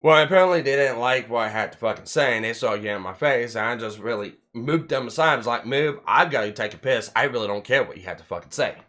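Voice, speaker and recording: A man's voice: mid-range voice, fast, hardly any pauses. A man hosting a casual podcast, telling a long story with heavy swearing and lots of restarts. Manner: rambling, heavy swearing, animated retelling. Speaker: podcast host.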